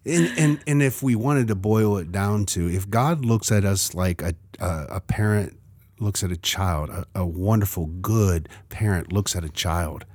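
A man's voice: low-pitched, moderate pace, a little mellow, no echo. Earnest middle-aged man, dry close sound. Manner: earnest, reflective, storytelling. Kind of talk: casual faith conversation.

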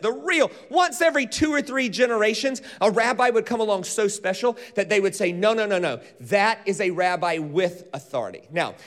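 A man preaching a sermon, teaching with animated delivery and leading the congregation in call-and-response. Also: high voice. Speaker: pastor. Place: church auditorium.

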